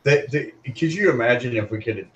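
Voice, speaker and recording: A man's voice: medium pitch, animated, brisk. A man in casual chat making wry, pedantic remarks. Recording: distant, muffled, roomy mic.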